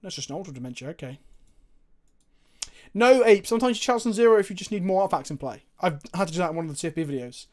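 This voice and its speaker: A man streaming a card game, thinking aloud with excitable, profane commentary. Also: high voice, very fast.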